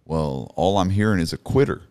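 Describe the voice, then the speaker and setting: A man voicing God as a deep, majestic male presence, stern and challenging. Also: animated, fairly quick, a little mellow, clear, resonant tone.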